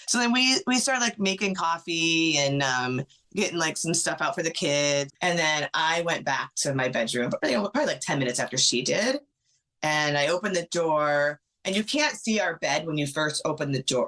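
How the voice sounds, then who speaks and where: A middle-aged woman appearing as a podcast guest tells a personal story with animation, acting out what others said and using lots of "like" fillers. Her voice is low and her pace is normal.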